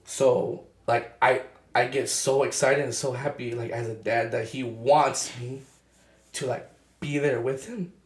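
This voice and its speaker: A young man talking in casual chat as a podcast co-host, halting and full of fillers and restarts. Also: medium pitch, echoey room.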